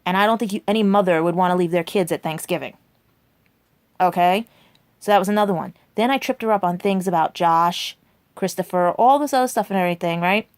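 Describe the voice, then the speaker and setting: A woman's voice: fairly low pitch, a little fast, dry recording. A woman in her forties telling a rambling personal story to her viewers, chatty and full of asides like "right?" and "and everything". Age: 40s. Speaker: vlogger.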